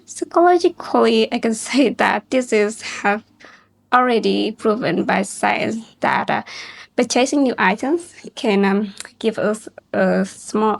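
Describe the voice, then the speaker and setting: A woman with a Vietnamese accent answering a mock speaking exam, talking fast with hesitant fillers. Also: on the high side, gravelly. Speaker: exam candidate.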